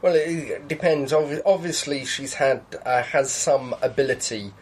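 A man co-hosting a casual episode commentary, halting and repeating words as he searches for them. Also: medium pitch, slight background noise, low-quality recording. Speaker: podcast co-host.

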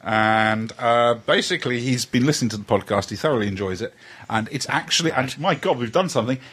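A man's voice: medium pitch, fairly quick, fairly bright tone, husky. A man hosting a casual podcast chat, reading out listener messages and chuckling often. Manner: chuckling, reads messages aloud.

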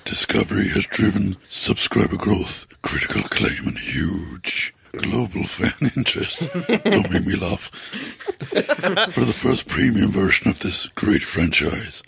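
A man putting on a sultry, deep-voiced seducer's voice, gravelly and drawling. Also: big pitch swings, takes it slowly, a bit bright, no echo, full character voice.

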